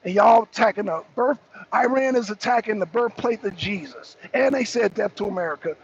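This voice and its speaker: A man's voice: sits high, a little fast, gravelly. A man co-hosting a political talk show, arguing heatedly, repeating himself and mocking the people he is answering. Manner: argumentative, repetitive, mocking. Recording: dull lo-fi stream audio with faint noise.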